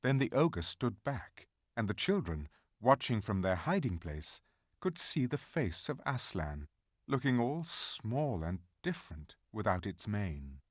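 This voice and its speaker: A man narrating a fantasy audiobook in a measured, dramatic storytelling manner. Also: on the low side, very animated, dry recording, clean studio sound.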